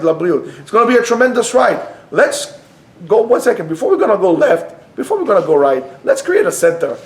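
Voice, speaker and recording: A man teaching an informal Torah class at a yeshiva, talking conversationally and often restarting his phrases. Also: high voice. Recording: echoey room.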